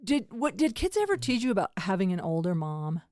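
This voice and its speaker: A woman's voice: medium pitch, big pitch swings, fairly quick, darkish tone, no echo. Older woman host, casual comic chat, dry close mic. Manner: laughs often, self-deprecating. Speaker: comedian podcast host. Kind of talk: casual comedy podcast chat. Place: at home.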